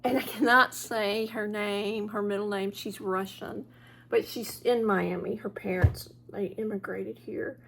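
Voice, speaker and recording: A woman's voice: mid-range voice, fairly even intonation, a little slow, gravelly, background noise. A middle-aged woman, rambling casually through a home vlog in her living room and often trailing off to start over. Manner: rambling, chatty, trails off and restarts. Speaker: vlogger.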